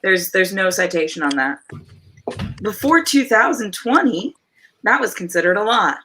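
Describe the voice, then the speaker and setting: Bright, forceful woman reading aloud on a video call, joking and swearing, fit for a playful livestream read. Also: mid-range voice, lively intonation, moderate pace, a little hiss or hum, poor audio. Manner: jokey, swearing, laughs often. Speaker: livestream reader. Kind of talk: casual chat and mocking book reading.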